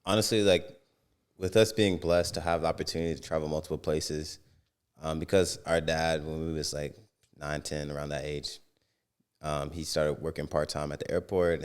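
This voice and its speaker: Male podcast co-host, very deep and smooth voice, relaxed chat. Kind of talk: casual chat.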